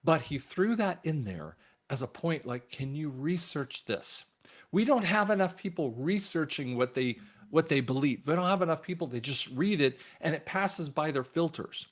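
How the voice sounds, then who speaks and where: On his own channel, a man rambles about religion and politics at a moderate pace, his fairly high voice expressive and emphatic. He swings from loud bursts down to near mutters and speaks to viewers directly as "guys."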